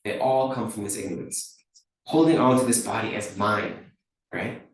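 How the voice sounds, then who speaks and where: A man giving a Buddhist teaching in a relaxed, conversational way, often checking in with listeners by asking "right?". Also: fairly low pitch, moderate pace. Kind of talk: dharma teaching talk. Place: teaching hall at a dharma center. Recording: very echoey room, mic far off.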